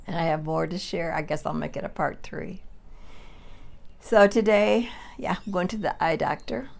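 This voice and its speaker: Woman in her eighties, gravelly voice, fairly low, chatty and rambling, outdoors on a front porch. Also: moderate pace. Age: 80s. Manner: chatty, rambling, calls out names in a sing-song. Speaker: vlogger. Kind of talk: casual reminiscing vlog.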